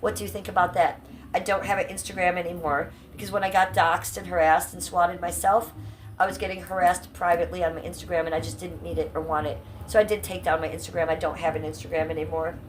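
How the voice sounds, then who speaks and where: A woman's voice: lowish voice, little pitch movement, fast, a little hiss or hum. Brash, blunt woman livestreaming from home. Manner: chatty, talks straight to chat. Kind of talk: casual livestream chat with viewers.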